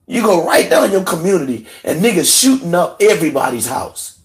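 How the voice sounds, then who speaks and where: A man rants on his livestream in a heated, profane voice, sliding from low muttering up to outright shouting. He sounds emotional, close to tears. His voice sits somewhat high for a man. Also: sing-song, fairly quick. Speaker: livestream host. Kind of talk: angry livestream rant.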